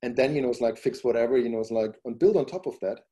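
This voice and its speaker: A fast-talking man with a warm, mid-range voice is a podcast guest and company founder. His answers ramble on casually, full of "you know, it's like," and he becomes emphatic whenever he makes a point.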